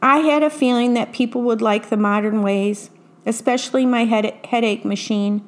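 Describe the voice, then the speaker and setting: A woman voicing a brisk, self-satisfied witch who runs a modern business. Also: fairly high pitch, steady tone, lightly acted. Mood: smug.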